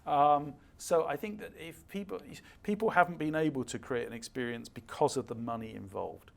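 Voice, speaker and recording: A man's voice: fairly high pitch, moderate pace, vocal fry. An older man, a guest speaker at a fireside chat, telling stories emphatically and acting out the dialogue.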